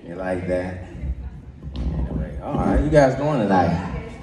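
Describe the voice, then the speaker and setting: A man doing a stand-up comedy set on a club stage, loose and joking, with a slight lisp, slipping into quick voices. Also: low-pitched, animated, reverberant, a crowd in the background, rough recording.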